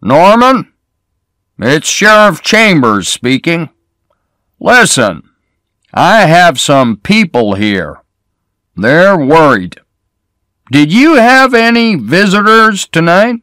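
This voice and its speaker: A man reading the lines of a middle-aged small-town sheriff who questions people in a measured way. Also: fairly high pitch, sing-song, bright, forceful tone, no echo, studio quality, voice pushed up, heavily acted. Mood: questioning.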